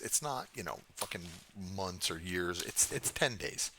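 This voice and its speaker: A man in his fifties with a low, deep voice chats through a gaming session in a casual, profane ramble. He mocks his own bad jokes and drifts off-topic easily. The recording carries clear background noise and clicking. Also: animated, moderate pace, hardly any pauses, bright, forceful tone. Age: 50s. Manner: rambling, profane, self-mocking humor. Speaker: gaming channel host. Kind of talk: casual let's-play commentary.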